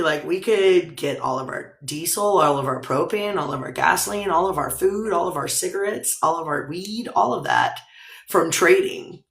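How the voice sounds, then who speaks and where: A woman with a deep, slightly bright voice hosts a casual livestream, rambling, laughing often and swearing casually. The recording has a roomy echo.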